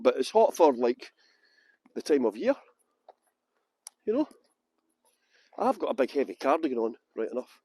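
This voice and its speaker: Upbeat male tour guide, high and animated, joking with viewers, dry close phone sound. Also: slightly rough, no echo. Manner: chatty, jokey, greets viewers by name. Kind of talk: live-streamed walking tour. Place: outdoors at a historic cottage.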